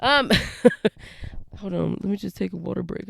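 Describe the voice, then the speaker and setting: A woman's voice: on the low side, normal speed, gravelly, no room sound. A young adult woman hosting a solo podcast, talking casually and rambling with many fillers, her throat a little scratchy. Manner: rambling, lots of "like" and "you know". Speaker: podcast host.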